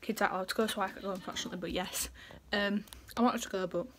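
A woman's voice: mid-range voice, steady tone, racing. A young woman chatting in a casual home vlog, bubbly and rambling as she gushes over things. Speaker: vlogger. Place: family home, indoors.

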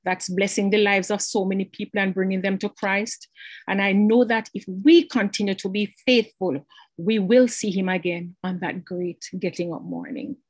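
A woman giving a measured church tribute in short, listed phrases. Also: medium pitch, steady tone, dry recording. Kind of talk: spoken church remembrance.

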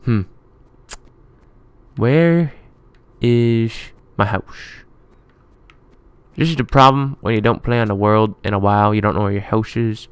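Man, let's play commentary, rambling chatter, mutters while building, smooth tone, dry sound. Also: lowish voice, unhurried, pauses often, dry recording. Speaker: gaming YouTuber.

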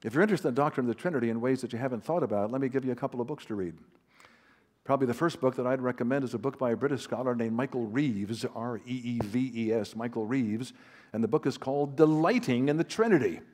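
A man's voice: medium pitch, quick pace, a little mellow. A man, a Christian author and counselor, giving a conversational teaching talk to a large live audience, mixing anecdotes with self-deprecating humor. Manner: conversational, with fillers and restarts.

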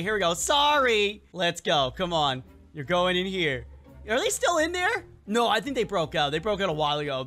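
A gaming channel host narrating role-play gameplay in an excitable way, often repeating short commands. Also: mid-range voice.

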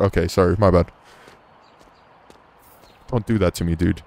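A man's voice: low-pitched, fairly even intonation, brisk, long pauses. A man commentating a horror game he is playing, cursing often, joking and easily startled. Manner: profane, jumpy and joking. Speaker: gaming YouTuber.

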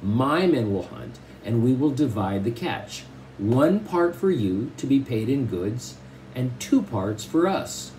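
A man's voice: medium pitch, very animated, takes it slowly, a little mellow, slight background noise, low-quality recording. A man reading aloud the lines of a blunt male sea captain who bargains in a terse, demanding way.

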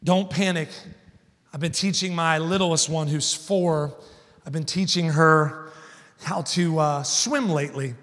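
High-voiced preacher in a big echoing hall. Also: male voice, unhurried. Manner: storytelling, builds to loud emphatic points. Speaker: guest preacher. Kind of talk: sermon. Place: large church hall. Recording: long church hall reverb.

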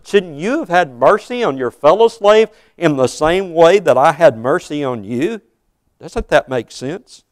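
Man, sixties, preacher: high, clear voice with earnest questions to the pews. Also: normal speed, no echo. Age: 60s. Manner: earnest, asks the congregation questions. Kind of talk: sermon. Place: church.

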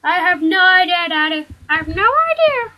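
A young man voicing a clingy, whiny little boy who keeps pleading with his dad in a squeaky, babyish way. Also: expressive, normal speed, sharp tone, exaggerated voice.

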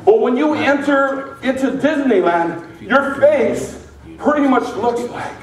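High-voiced pastor preaching in an echoey church. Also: male voice, takes it slowly, far from the mic. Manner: lively and joking with the congregation. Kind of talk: sermon. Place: large church sanctuary.

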